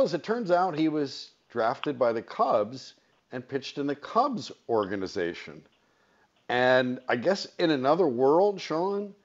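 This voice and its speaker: A man's voice: on the high side, muffled recording. A man from the San Fernando Valley hosting a sports radio interview, asking long, chatty questions. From San Fernando Valley, California. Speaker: radio show host.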